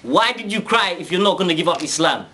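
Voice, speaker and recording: A man's voice: high voice, lively intonation, quick pace, pushed and bright, voice pushed up. A man voicing a proud, scheming male emperor in a retold story, asking demanding, exasperated questions. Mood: baffled.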